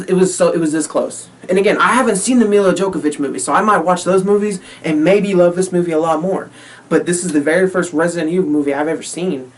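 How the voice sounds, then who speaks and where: A man giving a casual spoken movie review, ranting in exasperation, repeating himself, swearing often and laughing between points. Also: a little high. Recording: voice a little far from the mic.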